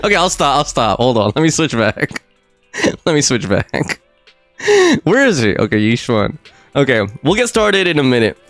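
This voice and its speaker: A man's voice: mid-range voice, big pitch swings, measured pace, pauses often, a bit bright, faint music behind. A man streaming a game live, chatting casually and rambling with lots of fillers and frequent laughs. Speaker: gaming streamer. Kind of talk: casual live gameplay commentary.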